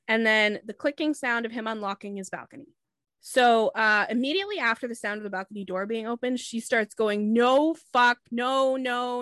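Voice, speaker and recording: A woman's voice: medium pitch, sharp tone, dry recording, clean studio sound. A woman hosting a podcast, telling a true crime case in a casual, matter-of-fact way with fillers and asides.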